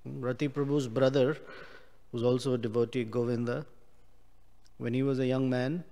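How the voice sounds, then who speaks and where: A man giving a scripture class, explaining Sanskrit words slowly with many pauses. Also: mid-range voice, fairly even intonation, dark tone, in a large hall. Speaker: class speaker.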